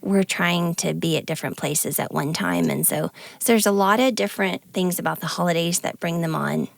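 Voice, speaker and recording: A woman co-hosting a podcast, speaking earnestly and tearfully in a halting, confessional way. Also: lowish voice, gravelly, no room sound. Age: adult with grown kids. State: tearful, near crying. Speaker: podcast co-host. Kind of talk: candid conversational podcast talk.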